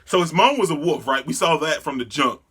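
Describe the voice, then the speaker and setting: Excitable bright-voiced man reacting to manga. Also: on the high side, brisk, breathy edge. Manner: excitable, laughs and stumbles over names. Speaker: manga reader and reviewer. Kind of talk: casual reaction readthrough.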